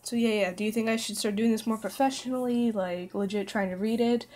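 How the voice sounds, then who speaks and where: A woman's voice: mid-range voice, steady tone, moderate pace, a little mellow. A tired young woman reading fan fiction aloud on a casual livestream, often stumbling over words, correcting herself and joking with her chat.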